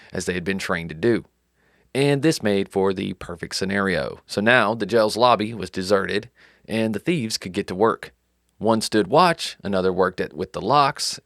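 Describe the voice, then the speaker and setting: A man's voice: on the low side, a bit bright, dry recording, studio quality. A man co-hosting a true crime podcast, telling the story in a loose, joking way and laughing often. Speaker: podcast co-host. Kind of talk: casual true crime chat.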